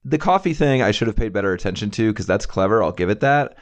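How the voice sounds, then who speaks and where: With a lowish, animated voice, this man talks fast while co-hosting a casual podcast about a TV show. His style is laid-back and full of slang, with frequent "dude" and "like."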